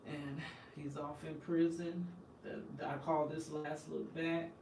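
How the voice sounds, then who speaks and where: This woman host's voice sits low and darkish, moving little in pitch as she speaks unhurriedly. Her personal story comes out emphatic, impassioned and indignant, and the mic is far off in an echoey room with a little background noise.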